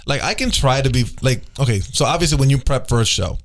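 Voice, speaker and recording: A man hosting a casual chat show, rambling and halting through his thoughts with many restarts. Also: medium pitch, animated. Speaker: host.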